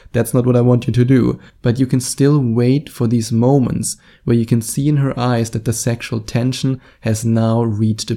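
A man giving dating advice straight to camera, his delivery slow and deliberate with pauses left hanging. His voice has a gravelly fry in it and a dark, mellow tone. He sits at a middling pitch for a man. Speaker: dating coach and author.

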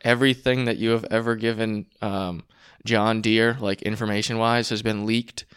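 A young man co-hosting a casual chat, talking in quick restarts and stressing the alarming points. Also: fairly low pitch, level tone, fairly bright tone, smooth. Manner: talks in fast restarts, emphatic on alarming points.

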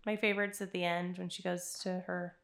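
Young female podcast host, bright and chatty, playful teasing, echoey room. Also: fairly low pitch, flat delivery, fairly quick, vocal fry. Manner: chatty, teasing, laughs often. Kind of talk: casual chat.

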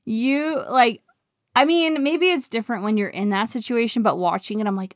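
Excitable young woman, high voice. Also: no room sound, studio quality. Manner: excitable, quick exclamations and laughs. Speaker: co-host. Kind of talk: casual chat.

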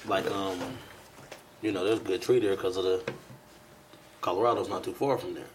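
A young man on a podcast telling a story in casual chat, acting out the dialogue with sudden jumps into a louder, higher voice. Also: moderate pace, slight background noise. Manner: animated storyteller who acts out dialogue in bursts of louder, higher voice. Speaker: podcast co-host.

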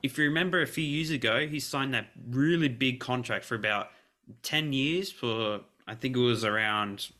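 A man's voice: medium pitch, moderate pace, sharp tone. A man who is a guest on a sports podcast, chatting casually, reading out contract figures, and laughing easily.

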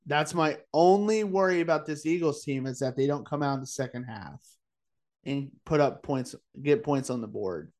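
This is a man co-hosting a casual sports-betting show, his voice sitting a little high. He is tired from the late hour. He talks loosely, with lots of "like" and "uh," and moves quickly from one pick to the next. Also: a little mellow. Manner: chatty, says "like" and "uh" often, fires off quick picks. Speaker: podcast co-host.

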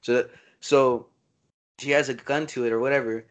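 A man chatting casually about a movie as a podcast co-host, excitable, swearing freely and calling his friend "dude" and "bro.". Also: mid-range voice, moderate pace. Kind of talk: casual movie review chat.

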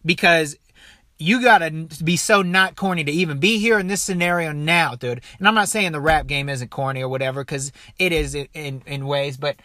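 A man with a bright, fairly high voice rants through a video clip in casual, foul-mouthed commentary. He talks with animated energy and keeps tossing in "dude" and "okay." The sound is dry and close. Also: dry recording.

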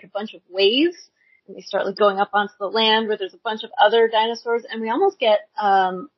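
A woman co-hosting a podcast, recapping a cartoon in casual chat, animated, laughing often and saying like a lot. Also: on the high side, husky, no echo, highs cut off. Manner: animated, laughing, many likes and ums. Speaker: podcast co-host.

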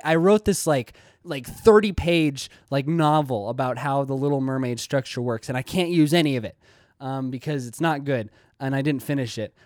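A young man talks through a casual video essay in a mid-pitched voice. He rambles and restarts often, and it is recorded close in a dry space. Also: dry recording. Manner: rambling, many fillers and restarts.

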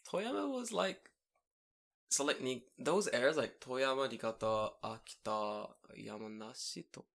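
A young man telling a story in casual podcast chat, animated, swearing and laughing. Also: mid-range voice, measured pace, creaky.

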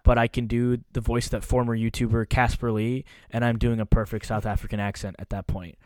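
A man's voice: medium pitch, flat delivery, brisk, no echo, clean studio sound. A man talking loosely and candidly as a podcast guest, swearing now and then. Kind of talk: casual podcast chat.

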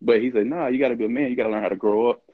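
A man's voice: mid-range voice, fairly even intonation, racing, no echo, phone-quality sound. A middle-aged man, telling stories as an interview guest, acting out quoted dialogue and laughing often. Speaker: interview guest, former college football player. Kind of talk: casual storytelling.

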